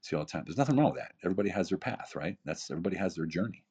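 A man in his fifties with a very deep, husky voice talks casually but emphatically as a podcast guest. He hammers points home with rhetorical questions and repetition. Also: expressive, very fast, darkish tone. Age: 50s. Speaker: podcast guest, keynote speaker and author. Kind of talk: casual motivational talk.

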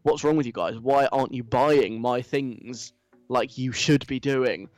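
A man's voice: medium pitch, fairly quick, dry recording, natural voice. Man doing a whiny American influencer girl. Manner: self-pitying, whiny. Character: entitled whiny young female influencer. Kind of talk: mock reading of a social post.

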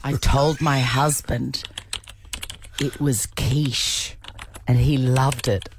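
A woman's voice: extremely low pitch, steady tone, extremely slow, background noise. A woman hosting a radio show, chatting casually and giggling as she reads listener reviews aloud. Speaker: radio host.

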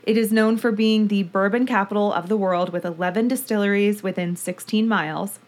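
A woman's voice: medium pitch, fairly even intonation, brisk. Chatty woman podcast host. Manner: chatty, storytelling. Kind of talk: casual true-crime podcast chat.

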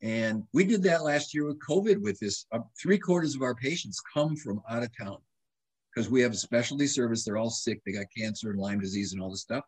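A husky older man in his seventies talks casually as a guest doctor. He tells lively stories, restarts his sentences and quotes himself as he goes. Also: mid-range voice, brisk. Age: 70s. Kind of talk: casual interview conversation.

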